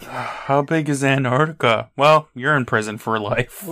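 A man's voice: mid-range voice, measured pace, pushed and bright, no room sound, clean studio sound. A man co-hosting a podcast, giving wry, sarcastic commentary and laughing along. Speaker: podcast co-host. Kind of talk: casual episode recap.

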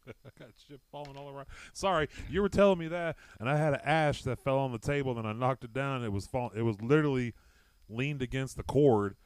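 A man co-hosting a casual comedy podcast, joking and swearing with quick asides. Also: mid-range voice, smooth, no room sound. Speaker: podcast co-host. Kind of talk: casual stoner chat.

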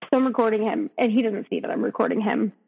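A woman, a podcast guest, recounting her own story in an emotional, halting way full of restarts. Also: mid-range voice, creaky, slightly rough. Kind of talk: personal storytelling. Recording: dull, echoey recording.

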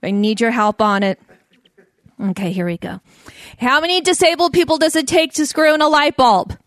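A woman's voice: sits high, normal speed, fairly bright tone, no echo, clean studio sound. A woman, giving a playful comedic talk to an audience, speaking with a stutter and laughing often. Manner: stutters, with repeated sounds and blocks. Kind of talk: stand-up style talk to a live audience.

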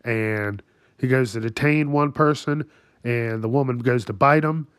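Guy cussing thru the news, laughs a lot, slow and dry sounding. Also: mid-range voice, clear, resonant tone, no room sound. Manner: crude, laughing, ranting. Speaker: commentator. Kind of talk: profane news commentary.

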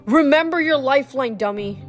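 A woman voicing a sharp, teasing teenage girl in a storybook reading. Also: sits high, lively intonation, moderate pace, faint music behind.

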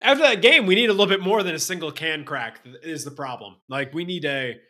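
A man's voice: a little high, fairly quick, sharp tone. A young man co-hosting a sports podcast, joking and rambling through his banter. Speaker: podcast co-host. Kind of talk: casual sports podcast chat.

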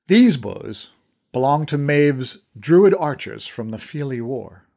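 A man's voice: fairly high pitch, animated, slow pace, darkish tone. A man voicing a stern male master archer who guards an armory and speaks in formal, old-fashioned courtly language. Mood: grave. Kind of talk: audiobook character reading.

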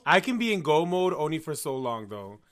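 A man co-hosting a podcast in casual chat, relaxed, chiming in with short reactions and wrapping up the episode. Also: a little high, fairly quick. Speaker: podcast co-host.

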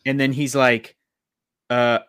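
A man's voice: mid-range voice, slow pace, clear, resonant tone, no room sound. Man chatting in a dry booth. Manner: animated, acts out scenes in quoted voices. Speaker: podcast co-host. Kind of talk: casual movie review chat.

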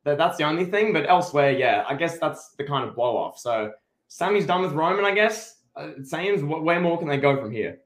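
Talking fairly quickly in an echoey room, a man co-hosting a podcast gives forceful, opinionated takes on a wrestling show during casual conversation. His high-leaning voice is expressive, and he restarts his sentences frequently.

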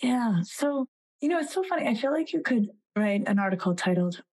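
A woman's voice: on the high side, animated, a little fast, darkish tone, low-quality recording. A woman in her forties, a psychologist and author, talking as a guest in a podcast interview and animatedly telling stories, acting out the voices of the people she quotes.

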